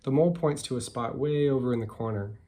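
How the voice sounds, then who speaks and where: A man, a picture book author, reading his story aloud and chatting about it in a relaxed, self-deprecating way. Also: medium pitch, fast, a little hiss or hum.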